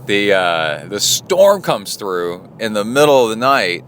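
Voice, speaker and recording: A man's voice: lowish voice, slow, a little hiss or hum. A middle-aged man, talking casually and rambling with lots of fillers, livening up when he retells a story. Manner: rambling, with many fillers and restarts; animated when retelling stories. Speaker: podcast host and triathlon coach. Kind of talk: casual spoken diary.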